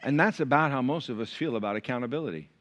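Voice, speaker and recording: A middle-aged man preaching a sermon as pastor, animated and storytelling, swinging between loud bursts and hushed asides. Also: medium pitch, fast talker.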